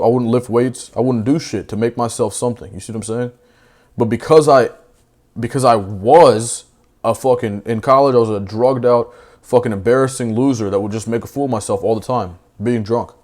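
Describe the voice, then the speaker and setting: Young male debater, brash and slangy, mid-pitched, heated and blunt. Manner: brash, profane, slangy, swings loud and fast. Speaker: debate panelist.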